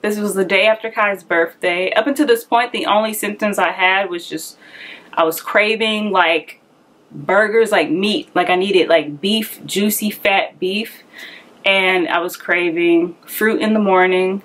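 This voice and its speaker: A woman's voice: medium pitch, unhurried, a bit bright. A young woman telling a personal story in a candid, conversational way, a little out of breath, acting out the voices she quotes. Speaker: vlogger.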